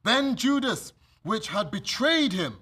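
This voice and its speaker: British male preacher, high husky voice, lively storytelling sermon. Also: slow pace. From Britain. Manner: animated, acts out scenes, laughs often. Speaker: preacher leading bible study. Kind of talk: sermon with scripture reading.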